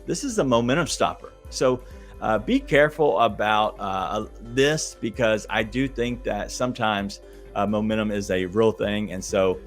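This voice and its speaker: A man's voice: lowish voice, normal speed, faint music behind. A man hosting a podcast, giving casual sports betting advice in a chatty, hesitant way straight to his listeners. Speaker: podcast host.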